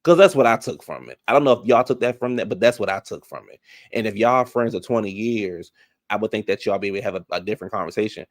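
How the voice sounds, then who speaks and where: A man giving a sassy, casual recap of a reality show, talking back to what happened on screen, drawling some words and rushing others. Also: fairly low pitch, lively intonation, no room sound, clean studio sound.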